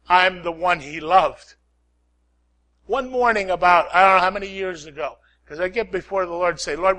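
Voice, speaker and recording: Preaching a sermon in a voice that sits high, a man shifts from loud exhortation to quiet prayer. He repeats his lines and asks the congregation "Amen?".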